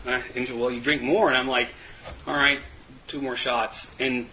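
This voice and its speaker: A man's voice: medium pitch, flat delivery, normal speed, pushed and bright, a little hiss or hum, poor audio. A man giving a candid, self-mocking personal testimony to a group, laughing often. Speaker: recovery meeting speaker.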